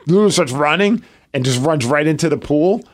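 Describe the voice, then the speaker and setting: A man's voice: fairly high pitch, normal speed, a little hiss or hum. A man co-hosting a podcast, telling rambling stories in casual chat with lots of filler words. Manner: rambling storyteller, animated, many "like" fillers. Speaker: podcast co-host.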